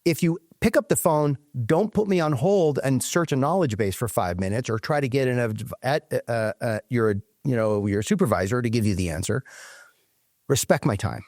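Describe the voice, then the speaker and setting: A man's voice: medium pitch, normal speed, no echo, studio quality. A man being interviewed as a company leader, speaking conversationally and acting out callers as he tells stories. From United States. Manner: animated storyteller, acts out phone callers.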